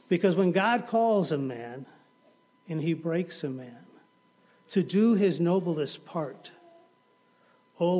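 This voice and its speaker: A man preaching a sermon, telling stories dramatically and swinging from hushed to loud. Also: on the high side.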